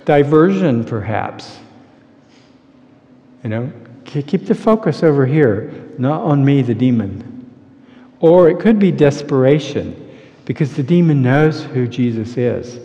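A man preaching a sermon, telling the story in an animated way that drops to quiet intensity. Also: mid-range voice, measured pace, long pauses. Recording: dull lo-fi sound with long hall reverb.

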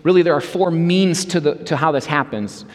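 A man's voice: on the high side, moderate pace, long reverb tail. A man preaching a sermon as a pastor, earnest and emphatic in a conversational way.

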